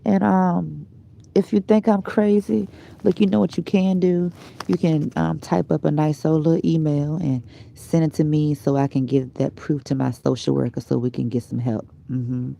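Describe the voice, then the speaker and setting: A woman's voice: low voice, flat delivery, moderate pace, creaky, warm tone. A tired woman vlogger chatting casually to her viewers, rambling and drifting into whispers. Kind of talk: rambling casual live chat.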